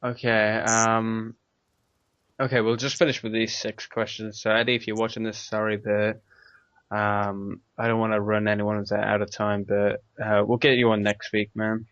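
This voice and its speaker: A man's voice: fairly low pitch, flat delivery, moderate pace, fairly bright tone, no echo. A man with an English accent hosting a casual podcast chat, rambling and laughing often. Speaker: podcast host. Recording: dry, dull lo-fi mic.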